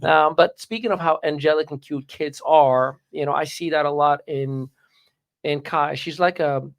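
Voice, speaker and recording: A man in an interview tells a family story casually and candidly. His voice sits a little high for a man. He talks straight and often doubles up on words mid-sentence. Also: fairly even intonation, moderate pace, vocal fry. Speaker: interview guest, caterer.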